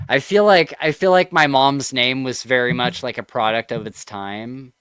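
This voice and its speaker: Male podcast co-host, chatty and reactive, crystal-clear tone, dry close-miked sound. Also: mid-range voice, fairly bright tone, dry recording. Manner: chatty, reacts with laughter and quick comments. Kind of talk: casual chat, reading out online posts.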